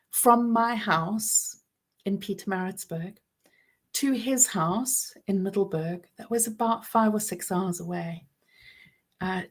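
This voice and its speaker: A woman in her forties giving a personal talk about trauma, earnest and reflective, with soft pauses and gentle emphasis. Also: medium pitch. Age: 40s. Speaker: speaker on trauma and healing.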